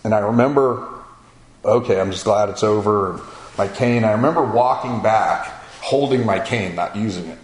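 A man's voice: fairly low pitch, normal speed. A man sharing his personal testimony as a spoken story, acting out the back-and-forth of conversations with "I go" and "he goes". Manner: storytelling that acts out dialogue with "I go" and "he goes". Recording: roomy echo with faint ambience.

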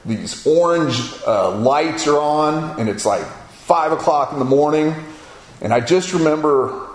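A man's voice: a little high, measured pace. A middle-aged man from Florida telling a folksy personal story in casual talk. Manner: folksy, animated storytelling with acted-out quotes. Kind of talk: casual spoken memoir. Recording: echoey room with faint ambient noise.

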